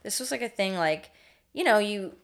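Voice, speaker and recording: A woman's voice: medium pitch, animated, normal speed. Wry young woman in casual chat. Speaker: podcast co-host.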